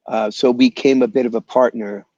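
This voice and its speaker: A man in a relaxed interview, spinning animated stories in a casual, slangy way. His voice sits at an ordinary middle pitch. It comes through a muffled, lo-fi video call with a dry, close sound. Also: brisk, no room sound. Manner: animated, slangy storyteller, calls people "man" and "bro". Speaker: guest musician. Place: home in Los Angeles area.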